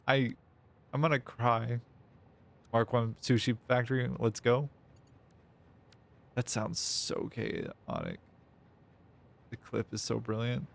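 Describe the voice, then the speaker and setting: A man's voice: mid-range voice, big pitch swings, takes it slowly, creaky, long pauses. A man livestreaming a game, chatting casually with his viewers and reading their messages aloud, with playful mock-dramatic whining. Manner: reads chat messages aloud. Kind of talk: casual gaming livestream chat.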